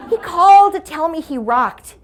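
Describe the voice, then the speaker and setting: A woman's voice: extremely high pitch, expressive, moderate pace, some chatter behind. A middle-aged woman giving a humorous keynote talk, telling stories in a playful, conversational way. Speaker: motivational speaker.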